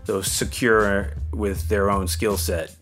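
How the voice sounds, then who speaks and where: A man casually recounting a story from his past, lively and acting out other people's voices. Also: on the low side, slow, faint music behind. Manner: animated, acts out the voices of others in his anecdotes. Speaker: interviewee recounting his studio career.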